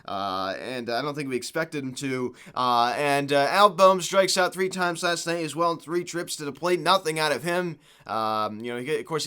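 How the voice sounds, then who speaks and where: A man's voice: on the high side, bright, forceful tone, smooth. A man hosting a sports podcast alone, giving a frustrated, rambling recap with lots of "uh" and "you know". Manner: frustrated, exasperated, rambling with many fillers. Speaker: podcast host. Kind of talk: solo sports recap rant.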